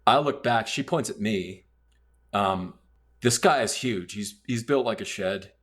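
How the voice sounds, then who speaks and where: A man's voice: lowish voice, a little slow. A man casually telling a long personal story on a podcast, loose and rambling with plenty of fillers. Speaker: podcast guest.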